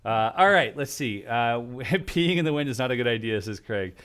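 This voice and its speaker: A man's voice: medium pitch, lively intonation, moderate pace, a bit bright, clear, resonant tone. A man hosting a livestream, reading viewer questions aloud and telling jokey, rambling stories. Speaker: livestream host. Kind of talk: casual livestream Q&A.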